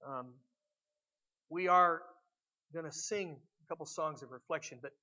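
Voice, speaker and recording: A middle-aged man preaching a sermon as pastor, swinging between loud emphatic lines and quiet reflective ones. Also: on the high side, unhurried, lo-fi sound.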